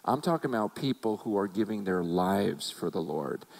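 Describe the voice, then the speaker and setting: A man's voice: on the low side, animated, moderate pace, creaky, a little mellow, low-quality recording. A man preaching a sermon as a pastor, talking earnestly and conversationally and often repeating words as he restarts.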